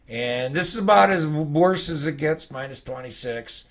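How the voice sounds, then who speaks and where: Gravelly man rambling through market charts. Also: fairly high pitch, animated, moderate pace, fairly bright tone. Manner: rambling, conversational, peppered with "okay?". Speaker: futures trading educator. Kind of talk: casual chart walkthrough.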